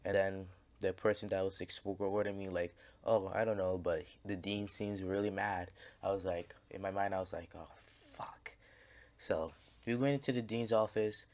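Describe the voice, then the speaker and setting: A man's voice: low-pitched, steady tone, normal speed, a little mellow. A man casually telling a story over gameplay, rambling and swearing, with lots of fillers and restarts. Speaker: gaming channel creator.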